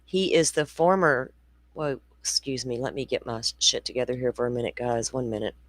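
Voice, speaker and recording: A woman's voice: rumbling low, fairly quick, dry recording. A woman in her forties hosting a true crime show, talking in a chatty, blunt way with rambling asides. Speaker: true crime podcast host. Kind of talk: casual livestream commentary.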